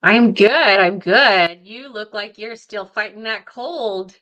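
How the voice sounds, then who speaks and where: Bright-voiced woman on a dull remote line. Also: mid-range voice, takes it slowly. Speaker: guest. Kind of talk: casual chat.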